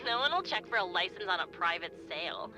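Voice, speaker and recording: A woman's voice: fairly low pitch, expressive, fast talker, music in the background, close to an everyday voice, poor audio. An actress playing a reluctant, laid-back young woman accomplice in a game, speaking in a casual drawl. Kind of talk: game voice acting.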